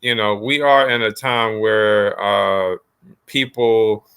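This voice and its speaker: A man hosting a podcast, talking in a reflective, halting way with frequent restarts. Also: on the low side, steady tone, fairly bright tone, clean tone. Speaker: podcast host. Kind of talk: casual podcast conversation.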